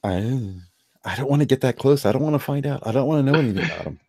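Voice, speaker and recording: A man's voice: mid-range voice, lively intonation, fast talker, gravelly, warm tone, slightly rough, no echo, studio quality. A man hosting a live stream, giving blunt, rambling opinions in casual chat. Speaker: streamer hosting a call-in discussion.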